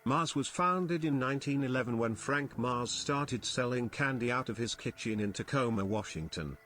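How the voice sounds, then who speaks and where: A man's voice: mid-range voice, lively intonation, normal speed, a bit bright, slight background noise. Synthetic male chat-reading voice. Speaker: text-to-speech chat reader.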